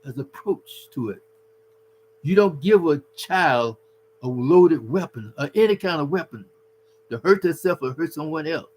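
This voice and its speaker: A man's voice: fairly high pitch, expressive, normal speed, a little mellow, low-quality recording. A man giving earnest, preachy relationship advice to husbands, calling the listener his brother. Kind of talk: casual advice talk.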